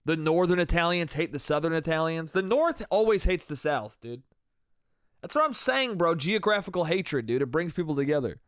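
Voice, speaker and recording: Dude doing a solo comedy podcast, kinda high voice, very dry and close, swears a lot, says dude every line. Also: male voice, expressive, moderate pace, clear, resonant tone, no echo. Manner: loose and profane, ends phrases with "dude" and "bro". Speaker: podcast host.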